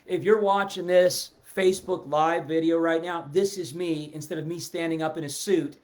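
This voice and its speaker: A middle-aged man giving a casual, animated sales talk on a live stream, seated and reading out viewer comments. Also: a little high, normal speed. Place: indoors, seated in a chair. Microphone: webcam or phone at a desk, seated.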